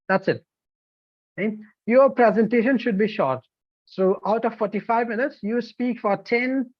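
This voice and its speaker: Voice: mid-range voice, dry recording. Emphatic Indian English teacher trainer. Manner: energetic, emphatic, checks in with listeners. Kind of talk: online training lecture. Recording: dull lo-fi, dry sound.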